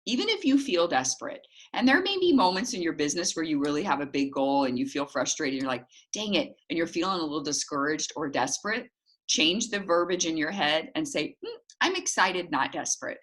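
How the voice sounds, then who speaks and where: Woman, middle-aged, low voice, lively sales coach who acts out dialogues. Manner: animated, acts out little dialogues with jumps in pitch. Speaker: sales team leader. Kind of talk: coaching talk to a sales team.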